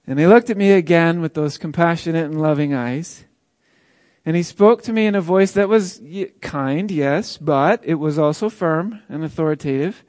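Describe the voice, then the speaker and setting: An earnest, joyful man who was once paralyzed recounts his healing, as a man acts it out in a dramatic monologue. He tells the story in a fairly high voice and chuckles as he goes. The sound is dry and close, with no room echo. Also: normal speed, darkish tone, natural voice. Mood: reflective. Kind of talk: first-person dramatic monologue.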